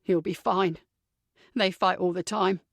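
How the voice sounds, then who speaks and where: A woman's voice: on the low side, fairly even intonation, measured pace, vocal fry, no room sound, studio quality, pitched below the performer's own voice. A woman voicing an upset young man who speaks through angry tears in an audiobook. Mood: bitter. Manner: choked, tearful.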